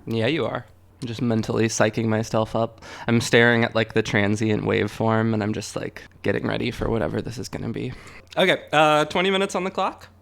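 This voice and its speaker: A man's voice: on the low side, fairly even intonation, a little fast, creaky, fairly bright tone. A man hosting a casual songwriting session, chatting playfully and rambling with lots of "like" and frequent laughter. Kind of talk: casual chat.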